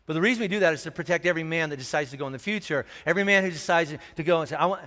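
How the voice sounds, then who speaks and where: A man preaching a sermon, telling his own story in an animated, self-deprecating way and checking in with "all right?" again and again. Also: a little high, racing. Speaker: pastor. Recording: long hall reverb.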